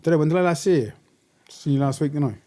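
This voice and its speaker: A young man co-hosting a podcast in casual chat, laid-back, quick to laugh and swearing casually. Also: fairly high pitch, dark tone, no echo. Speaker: podcast co-host.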